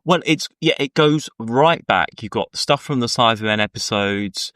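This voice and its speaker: In a dry, studio-quality recording, a podcast co-host talks at normal speed in a medium-pitched voice that's clear, resonant, and fairly bright. He chats casually, wandering through anecdotes and impersonating the people he quotes.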